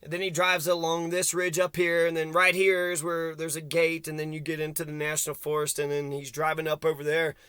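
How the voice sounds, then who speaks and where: A man's voice: on the high side, little pitch movement, brisk, few pauses, pushed and bright, clear, resonant tone, dry recording. A man ranting angrily to camera outdoors, swearing constantly and rambling as he vents. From Kentucky. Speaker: vlogger. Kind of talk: angry profane rant to camera.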